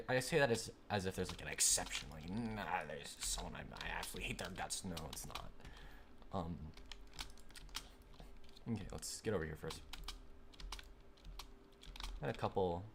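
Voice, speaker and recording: A young man streaming a game, talking casually and rambling with lots of fillers and quick irritation. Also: low voice. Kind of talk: casual gaming stream chat. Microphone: desk microphone. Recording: noisy home mic with keyboard clicks. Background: keyboard clicks and typing.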